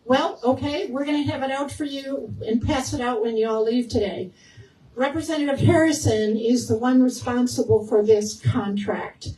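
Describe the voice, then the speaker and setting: A woman's voice: high voice, fairly even intonation, normal speed, warm tone, distant mic. A woman running for the state House, giving an earnest campaign speech that urges voters. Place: event hall. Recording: echoey hall, faint noise, mic heard from afar.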